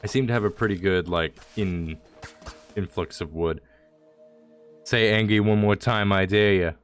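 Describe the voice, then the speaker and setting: A man's voice: on the low side, unhurried, soft background music. A man streaming a video game, talking casually in a rambling, jokey way with mock-dramatic lines. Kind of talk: casual gameplay commentary.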